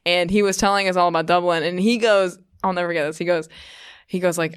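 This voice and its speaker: A woman's voice: fairly low pitch, fairly even intonation, fast talker, clean tone, no echo, clean studio sound. A young woman guest on a podcast, a comedian telling a long rambling story in casual chat and laughing often. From England.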